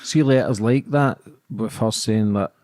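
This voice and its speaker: A man hosts the interview with a low, mellow voice. His questions come out informal and loosely phrased. The recording is dry and close. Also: measured pace, no room sound. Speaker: interview host.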